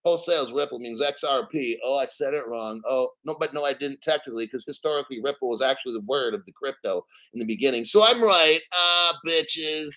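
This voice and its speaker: A man's voice: medium pitch, fairly quick, few pauses, sharp tone, low-quality recording. A man hosting a crypto channel, reading an article aloud with boastful, profane commentary, laughing and getting emotional. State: emotional, near tears.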